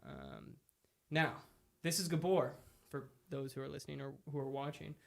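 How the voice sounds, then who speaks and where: Podcast host guy, gravelly voice, laid back and chatty. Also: medium pitch, moderate pace. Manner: relaxed, chatty, lots of fillers. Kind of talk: casual podcast interview.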